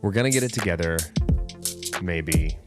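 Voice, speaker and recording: Rambling jokey man, low voice. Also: lively intonation, over loud music. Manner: rambling, jokey, self-deprecating, quick asides. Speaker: podcast co-host. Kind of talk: casual chat.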